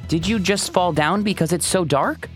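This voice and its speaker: A woman's voice: fairly low pitch, normal speed, music in the background, close to an everyday voice. A woman voicing a patient, protective dog sheriff who teaches children about safety, in a cartoon. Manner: calm, instructive.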